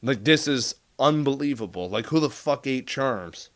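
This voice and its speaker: A man telling a military story in casual chat, profane and animated, acting out the dialogue. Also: mid-range voice, moderate pace. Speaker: podcast guest telling military stories.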